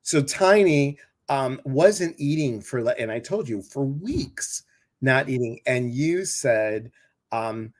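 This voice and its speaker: Chatty male host, rambling and animated. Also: mid-range voice, slow pace. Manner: chatty, rambling with many fillers and restarts. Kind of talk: casual interview chat.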